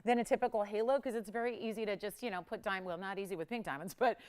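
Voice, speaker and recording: A woman who lives in the Los Angeles area hosts a live jewelry shopping show in a television studio, chatting upbeat and laughing often as she sells. Her mid-range voice is smooth with a darkish tone, and she talks at a racing pace.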